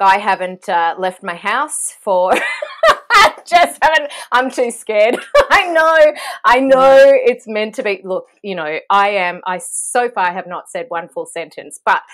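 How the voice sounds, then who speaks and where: Guest: middle-aged Australian woman, lively, laughing, rambling and candid. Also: mid-range voice. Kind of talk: casual chat.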